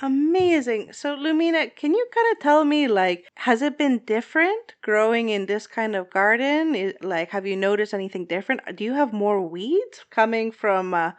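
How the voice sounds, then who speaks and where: A woman's voice: on the high side, expressive, moderate pace, hardly any pauses. A woman hosting a gardening podcast, asking questions in an upbeat, playful way and talking to her listeners. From Southwestern Quebec. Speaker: podcast host. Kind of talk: casual podcast interviewing.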